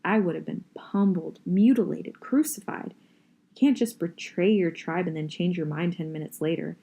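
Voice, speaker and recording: A woman reading a novel aloud in a steady, first-person audiobook style. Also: on the low side, brisk, creaky. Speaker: reader.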